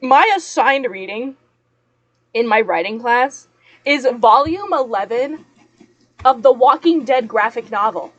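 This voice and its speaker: Young woman, higher voice, casual rambling streamer chat with frequent laughs. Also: expressive, a little slow, pauses often, no echo, highs cut off. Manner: chatty, rambling, laughs often. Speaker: streamer chatting with viewers. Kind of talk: casual chat while working.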